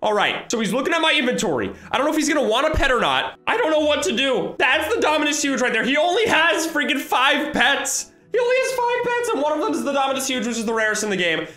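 A man giving excitable, rambling gameplay commentary as a gaming YouTuber. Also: extremely high pitch, fast talker, few pauses, roomy sound, soft background music.

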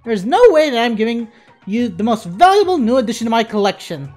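A woman voicing a whiny, possessive girl collector who is easily angered, with a petulant, shrill way of talking. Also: sing-song, brisk, faint music behind. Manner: petulant and shrill, shouting demands.

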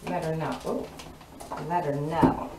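A woman's voice: low-pitched, steady tone, unhurried. Sassy tarot reader woman in an echoey room. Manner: sassy, playful, talks straight to viewers. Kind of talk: casual tarot reading to viewers. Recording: roomy echo, distant mic, audible noise.

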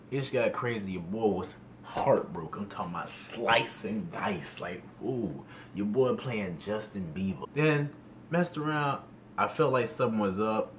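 A young man telling a storytime vlog in an animated, slangy way, often exclaiming in disbelief. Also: lowish voice, moderate pace, a little hiss or hum. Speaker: YouTuber.

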